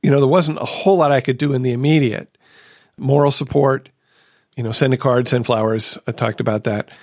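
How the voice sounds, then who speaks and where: A man's voice: medium pitch, steady tone, a little fast, darkish tone, no echo, studio quality. Earnest man hosting a recovery podcast. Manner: earnest, storytelling, rhetorical questions. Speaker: podcast host. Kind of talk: casual recovery podcast chat.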